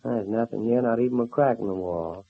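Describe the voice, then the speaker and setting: Casting: a teasing young cowboy, husky low voice, old tinny radio serial. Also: male voice, a little fast. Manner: folksy cowboy talk. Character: easygoing young male cowboy hero, teasing. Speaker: radio drama actor. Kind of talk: 1930s radio serial acting. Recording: old narrow-band radio transfer.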